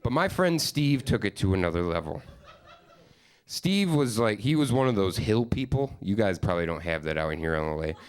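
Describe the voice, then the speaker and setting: A man's voice: lowish voice, very animated, a little fast, smooth. A man from Upstate New York performing a stand-up comedy set, telling profane, rambling stories with mock-exasperated asides. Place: comedy stage with live studio audience.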